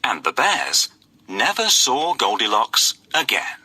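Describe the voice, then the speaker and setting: A man's voice: medium pitch, very noisy. A man narrating a children's storybook in a theatrical way, voicing the characters as he goes. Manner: very animated, slow and theatrical.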